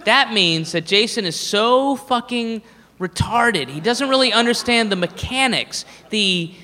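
A male stand-up comedian ranting in an incredulous, mocking, profane way, shouting at the peaks, live at a comedy venue. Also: high voice, animated, unhurried. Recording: live in a reverberant hall with audience.

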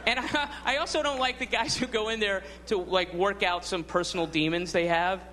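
A man's voice: sits high, brisk. A man doing a stand-up routine on a club stage, rambling with wry laughing asides. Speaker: stand-up comedian. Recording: live club with crowd and noise.

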